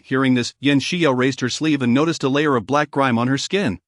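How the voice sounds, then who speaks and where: A man narrates a fantasy story recap in a steady, unbroken read. His voice sits at a middle pitch. The recording is dry and close to the mic. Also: fairly quick, hardly any pauses, dry recording.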